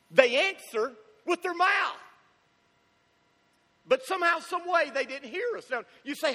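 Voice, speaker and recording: A man's voice: very high-pitched, lively intonation, normal speed, pushed and bright. A male pastor preaching a sermon in an emphatic, repetitive style, posing rhetorical questions to the congregation. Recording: long hall reverb.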